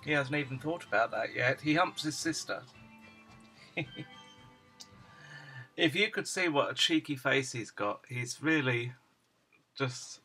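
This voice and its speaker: A man at home showing off his dogs, switching into high cooing baby talk whenever he speaks to them. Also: measured pace, pauses often, sharp tone, faint music behind, low-quality recording. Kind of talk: casual home video chat.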